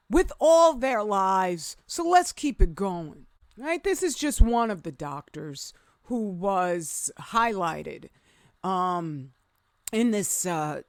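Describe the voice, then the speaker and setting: A middle-aged woman hosting a reaction commentary, talking emphatically and preachily, dropping to low murmurs and jumping to excited high exclamations. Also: dry recording, clean studio sound. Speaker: commentary video host.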